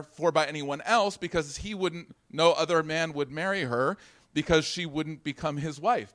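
A pastor with a fairly high voice, preaching casually. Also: male voice, fairly bright tone. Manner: conversational teaching with asides to the congregation. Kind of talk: sermon.

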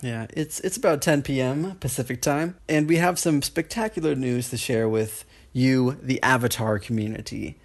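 A man's voice: mid-range voice, normal speed, hardly any pauses. A man co-hosting a casual podcast, upbeat and playful as he shares news. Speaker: podcast co-host.

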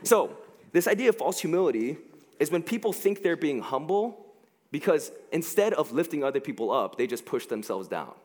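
A man preaching a casual, joking sermon into a headset mic, talking in an animated way with lots of fillers. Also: fairly high pitch, moderate pace, long reverb tail.

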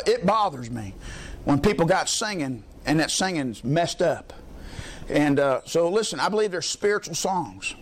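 A male pastor preaching a sermon in a folksy, emphatic storytelling way, repeating his points for effect. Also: fairly high pitch.

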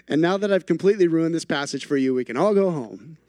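A man's voice: a little high, darkish tone, no echo. A man preaching a sermon as a pastor, emphatic and building through repeated phrases, with playful asides.

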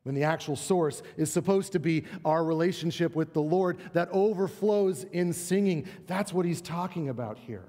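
Man, pastor mid-sermon, slightly high voice, emphatic delivery with restarts, long church reverb. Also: normal speed, hardly any pauses. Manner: animated, emphatic, repeats words when building a point. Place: church sanctuary.

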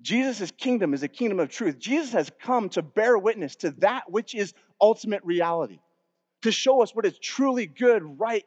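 A man's voice: high voice, darkish tone. A male pastor preaching an earnest, emphatic sermon and quoting scripture, recorded in a church sanctuary. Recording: dull sound with long hall reverb.

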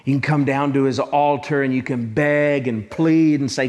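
A man's voice: medium pitch, steady tone, moderate pace, hardly any pauses. A male pastor preaching a sermon, emphatic and repetitive, speaking directly to his congregation.

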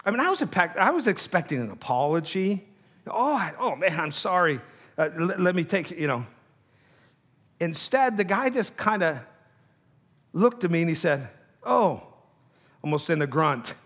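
A male pastor preaching a sermon, telling a personal story and acting out both sides of a quarrel, then dropping to a low, hushed voice for the heart of his message. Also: very animated, moderate pace.

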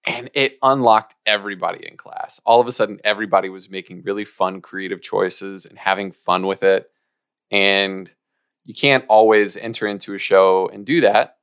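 A man's voice: sits low, steady tone, normal speed, fairly bright tone, clear, resonant tone, dry recording, studio quality. A man co-hosting an improv podcast in casual chat, explaining his thoughts at length. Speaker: podcast co-host.

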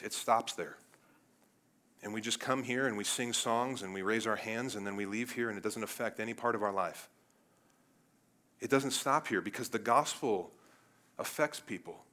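A man preaching a sermon as pastor, talking straight to the congregation and swinging from loud emphatic peaks down to low, quiet stretches. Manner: animated, rises to loud emphatic peaks then drops low; addresses congregation directly with "guys" and "right?".

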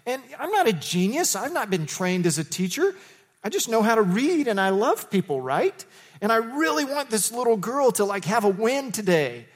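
A man preaching as the pastor of his church, telling stories with lively, animated delivery. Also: moderate pace. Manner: animated storytelling, jumps to high excited quotes. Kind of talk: sermon.

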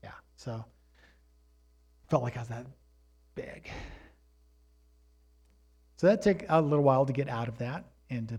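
A middle-aged man preaching a sermon, mixing plain exhortation with a personal story told in a relaxed, conversational way. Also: medium pitch. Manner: rises to emphatic exhortation. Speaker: pastor.

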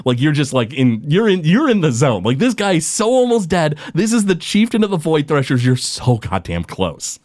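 A man's voice: fairly high pitch, sing-song, moderate pace, hardly any pauses, darkish tone, no room sound, studio quality. A man narrating a tabletop game as game master, rambling and full of "like" and restarts.

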